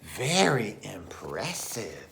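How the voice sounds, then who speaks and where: A man voicing a small, polite male mouse in a children's storybook reading, speaking softly and daintily. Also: lowish voice, huge pitch swings, very slow, vocal fry, a little hiss or hum, voice pushed down, full character voice.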